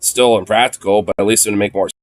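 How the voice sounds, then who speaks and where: Low-voiced man, casual and sweary. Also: fairly even intonation, rapid-fire, no echo. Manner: swears freely and laughs often; coos softly in baby talk to his dog. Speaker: streamer. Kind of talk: casual gaming stream chat.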